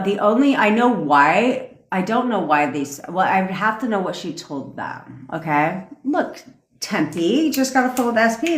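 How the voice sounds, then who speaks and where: A woman coaching on a livestream in a casual rant, blunt and profane, with quick laughing asides. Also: lowish voice. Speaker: manifestation coach. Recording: echoey room.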